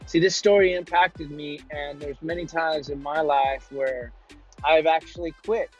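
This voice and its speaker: A man's voice: a little high, fairly even intonation, measured pace. A man hosting a podcast, telling a motivational story in an earnest way, often repeating himself and restarting his sentences. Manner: repetitive, earnest, stumbling restarts. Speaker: podcast host. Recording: muffled lo-fi with faint music.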